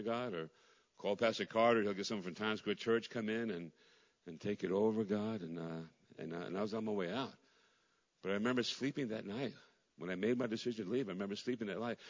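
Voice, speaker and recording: A middle-aged man preaching an impassioned sermon as pastor, swinging from loud cries to hushed near-whispers and repeating his phrases. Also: lowish voice, fast. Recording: dull recording in a large reverberant hall.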